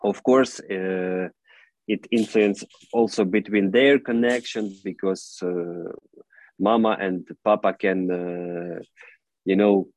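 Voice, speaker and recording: A man, an English speaker, answering interview questions in an earnest, halting way with frequent "you know" fillers. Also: deep voice, steady tone, a little mellow, no echo, rough recording. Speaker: football club director, guest.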